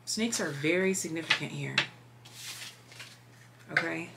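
A woman's voice: sits low, steady tone, moderate pace, vocal fry, very noisy. A woman giving a casual tarot reading, chatty and meandering, full of fillers, sometimes dropping to a whisper. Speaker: tarot reader.

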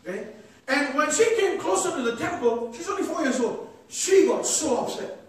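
A man preaching a sermon as a pastor, emphatic and rising to shouts, calling out "amen" and "come on" to the congregation. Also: very high-pitched, animated, normal speed. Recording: echoey hall, distant mic.

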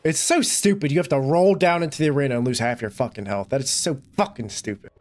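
A young man giving gameplay commentary, swearing and bursting into frustrated shouts. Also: medium pitch, fast talker. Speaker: gaming YouTuber.

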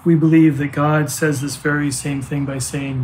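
Older guy pastor giving a sermon, heartfelt, kinda higher voice, some faint birds chirping behind. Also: little pitch movement, a little mellow, slight background noise. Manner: earnest, heartfelt, halting restarts.

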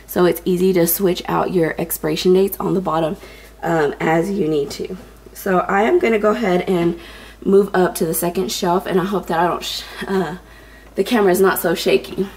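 A woman's voice: on the low side, steady tone, moderate pace, a little mellow, husky. A young woman, a little out of breath, chatting casually with viewers as she walks through her home organization tips, with lots of ums. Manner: chatty, many ums, addresses viewers as you guys. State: slightly out of breath. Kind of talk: casual tutorial narration.

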